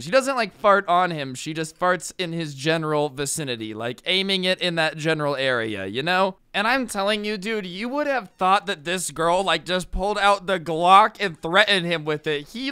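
A man's voice: a little high, pushed and bright, clear, resonant tone, no echo, studio quality. A young man casually telling a funny story over gameplay, chatty with lots of fillers, acting out the people in it. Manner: chatty, filler-heavy, acts out quoted people. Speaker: storytime vlogger.

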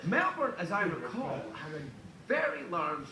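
A man running late-night banter as a talk show host, teasing and laughing easily. His voice sits high and swings widely. It sounds roomy, with studio noise behind him. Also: wildly swooping pitch, moderate pace. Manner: teasing, jokey, laughs often. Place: TV studio with audience.

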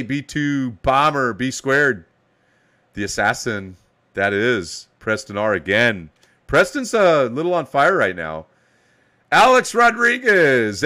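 A man's voice: mid-range voice, bright, forceful tone. A man hosting a live card box break, hyping each card as he pulls it and giving players playful nicknames. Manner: hype, calls out cards with playful nicknames.

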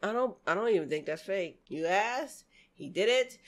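A woman hosting a casual reaction video, exclaiming and laughing loudly in chatty slang. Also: medium pitch, lively intonation, moderate pace.

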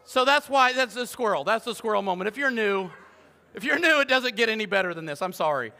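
A middle-aged man, preaching a lively, joking sermon as pastor and swinging between loud calls and hushed asides. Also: high voice, brisk, creaky. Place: church sanctuary. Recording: long hall reverb.

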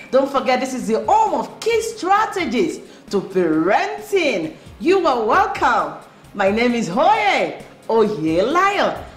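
A woman parenting coach giving earnest advice, repeating her key points. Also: fairly high pitch. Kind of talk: instructional talk to camera. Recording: roomy, faint music.

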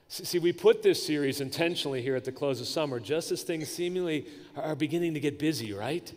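Conversational pastor in an echoey hall. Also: male voice, on the high side, steady tone, a little fast, few pauses. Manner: conversational, with many restarts and rhetorical questions. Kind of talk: sermon.

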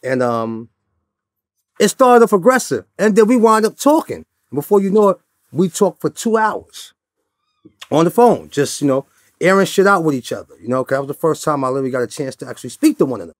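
A man's voice: fairly high pitch, expressive, fairly quick, no room sound, clean studio sound. A man from New York, a guest in an interview, telling stories in a loose, laid-back way and often adding "you know what I'm saying". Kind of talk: casual storytelling interview.

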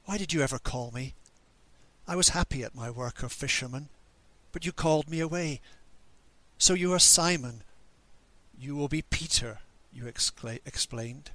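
A man's voice: on the high side, normal speed, sharp tone, dry recording. A man voicing the grieving, angry disciple Peter at the cross in a dramatic monologue during a church service, bitter and questioning. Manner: bitter, questioning, self-reproaching.

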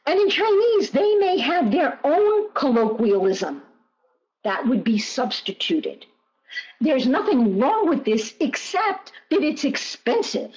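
A woman's voice: high-pitched, very animated, takes it slowly, darkish tone. A woman presenting in a webinar, answering questions in an emphatic way and repeating key phrases. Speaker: guest presenter. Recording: muffled online audio.

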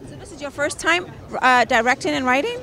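A woman interviewing guests on an outdoor red carpet, her high voice leaping around as she gushes and teases. She showers people with compliments in a playful, breezy way. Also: lively intonation, a little fast, sharp tone, soft background music, a faint crowd.

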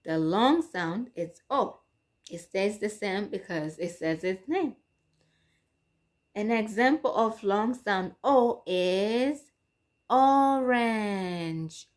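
A woman teaching English letter sounds in a slow phonics lesson, stretching and repeating each sound and switching between English and Swahili. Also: medium pitch, lively intonation.

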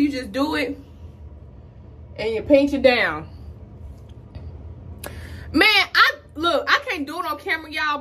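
A woman's voice: sits high, sharp tone. A young woman filming a casual get-ready-with-me tutorial at home, chatting straight to her viewers and calling them "y'all". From Houston, Texas. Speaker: beauty vlogger. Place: at home, indoors.

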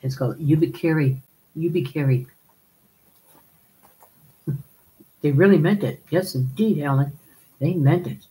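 A woman's voice: sits low, unhurried, pauses often, dark tone, poor audio. A woman hosting a live stream, chatting casually, laughing often and calling viewers darling as she reads their comments.

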